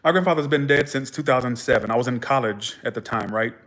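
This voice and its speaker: A man's voice: medium pitch, quick pace. A young man hosting a livestream, telling his stories casually with swearing and acting out the people in them. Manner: animated, profane, acts out dialogue in his stories. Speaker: tarot livestream host.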